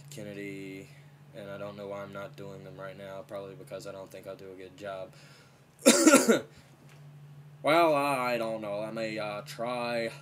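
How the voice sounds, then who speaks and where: A man's voice: lowish voice, noisy background. Man with a cold, rambling chatty vlogger. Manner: rambling, full of "you know" and "uh". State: slight head cold. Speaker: vlogger and impressionist. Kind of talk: casual chat.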